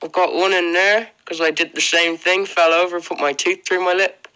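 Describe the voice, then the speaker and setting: A man's voice: sits high, level tone, normal speed, pushed and bright, clean tone, low-quality recording. An Irish man chatting casually on a livestream, rambling through viewer questions with plenty of ums and likes and frequent laughs. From Ireland. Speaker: livestream host.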